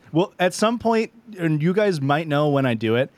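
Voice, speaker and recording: A man's voice: on the high side, very animated, a little slow, darkish tone, dry recording. A man co-hosting a podcast, joking wryly about the show. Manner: wry, joking. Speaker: podcast co-host. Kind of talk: casual chat.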